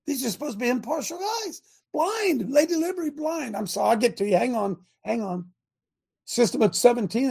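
A man giving an impassioned political talk to an audience, reading numbered principles aloud and breaking off into angry, loud commentary. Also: sits high, creaky, breathy edge. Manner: reads numbered principles, then rants and comments; grows angry and loud at times. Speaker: speaker addressing an audience.

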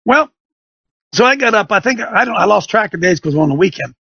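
A man's voice: high-pitched, animated, fairly quick, vocal fry, sharp tone, breathy edge, lo-fi sound. A middle-aged man hosting a show, telling a folksy story and turning it into an emphatic sermon-like lesson for listeners. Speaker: show host. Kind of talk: preaching radio monologue. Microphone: studio microphone.

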